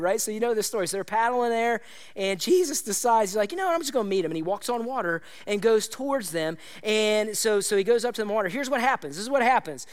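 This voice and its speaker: A man with a high voice preaches in a conversational, animated way. He acts out quoted lines with vivid voices and keeps checking in with the congregation. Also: quick pace. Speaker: pastor. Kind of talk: sermon.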